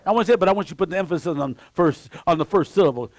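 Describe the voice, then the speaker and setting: A man preaching a sermon as pastor, emphatic and swinging between shouts and low asides, repeating key phrases and exclaiming praise. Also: very fast, no echo. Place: church sanctuary.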